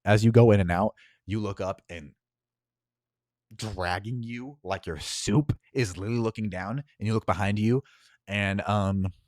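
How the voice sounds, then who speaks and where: A man's voice: fairly low pitch, a little slow, darkish tone, dry recording, clean studio sound. A man narrating as game master of a tabletop game, casual and full of filler ums.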